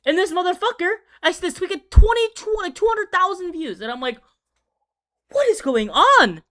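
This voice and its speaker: A man's voice: very high-pitched, quick pace. Rambling, profane young man telling a story. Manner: rambling, profane, gets loud and excited. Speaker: video creator. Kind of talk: casual storytelling while drawing.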